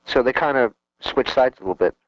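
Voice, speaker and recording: A man in his twenties co-hosting a casual wrestling talk show, opinionated but measured, often hedging his views. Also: mid-range voice, dry recording, highs cut off. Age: 20s. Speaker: podcast co-host.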